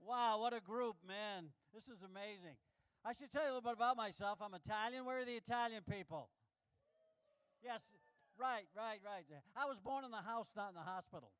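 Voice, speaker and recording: A man's voice: high voice, brisk, fairly bright tone, clear, resonant tone. A man from New York doing a brash, self-mocking stand-up comedy set in a live showroom.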